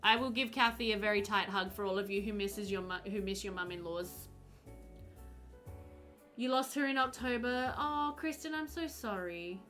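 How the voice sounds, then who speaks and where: A woman's voice: mid-range voice, normal speed, soft background music. A young woman streaming a game, chatting casually with her viewers and reading their messages aloud with frequent giggles. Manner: chatty, warm, giggly, reads chat aloud. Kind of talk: casual chat with live chat while gaming.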